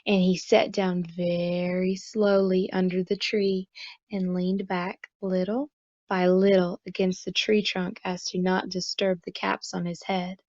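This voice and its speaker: A woman preschool teacher reading a storybook aloud to young children, slow and expressive, then asking soft, gentle questions. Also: on the low side, dry recording, highs cut off.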